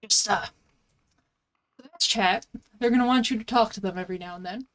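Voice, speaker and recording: A woman's voice: medium pitch, moderate pace, a bit bright. A woman streaming a game live, chatting playfully with her viewers and cooing at her dog. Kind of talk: casual live-stream chat. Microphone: headset.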